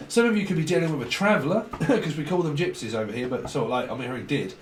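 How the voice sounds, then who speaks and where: Speaking quickly and expressively in a voice on the high side, a tarot reader rambles through a reading. It's casual chat with occasional swearing and short acted-out dialogue snippets, captured in an echoey room with a faint hum of background noise.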